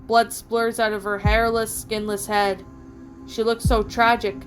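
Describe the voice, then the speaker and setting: A woman with a slightly high voice reads a first-person horror story aloud as a channel host, unhurried and level in tone yet dramatic in her storytelling. Music plays in the background.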